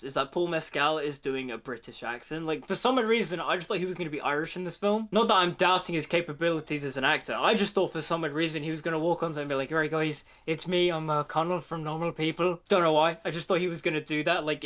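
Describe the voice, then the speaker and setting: A film reaction vlogger with a slightly higher-than-average, fairly bright voice talks his way through a movie trailer in a relaxed, chatty manner. He relies heavily on "like" while working out his thoughts, keeping it informal the whole time.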